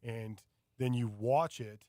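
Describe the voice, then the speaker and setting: A man chatting casually on a radio show, telling a rambling, animated story with many fillers. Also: medium pitch, slow pace, dry recording, clean studio sound. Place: radio studio.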